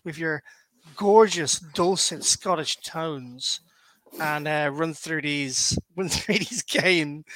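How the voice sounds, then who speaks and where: Jokey podcast host, higher voice. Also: male voice, fairly bright tone, no echo. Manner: jokey, laughs often. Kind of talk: casual chat.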